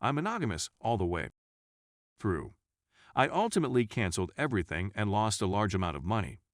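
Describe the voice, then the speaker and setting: A man narrates a first-person story in a scripted, even reading pace. His voice sits on the low side and sounds dry and close, with no room around it. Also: a little fast, dry recording.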